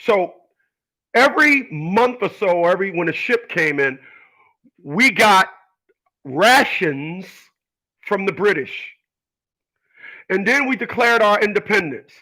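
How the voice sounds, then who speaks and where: Speaking slowly with frequent pauses, a man with a high, expressive, pushed and bright voice holds forth on his own channel over a rough recording. His casual monologue is rambling, preachy and confrontational, riddled with restarts and repetitions as he argues with imaginary people.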